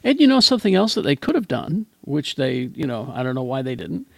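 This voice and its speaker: A man's voice: mid-range voice, very animated, fairly quick, gravelly, no echo. A man hosting a casual pop-culture chat show, talking in a rambling, chatty way with plenty of fillers. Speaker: podcast host.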